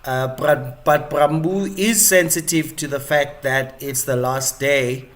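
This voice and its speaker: A man's voice: medium pitch, fairly even intonation, slow pace, fairly bright tone. A male live-stream host giving chatty, rambling commentary with many fillers and restarts.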